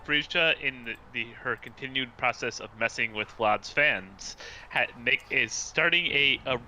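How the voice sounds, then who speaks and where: A man playing a tabletop game, speaking haltingly as he searches for words. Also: mid-range voice, bright, forceful tone, faint music behind. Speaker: player. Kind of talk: casual tabletop play.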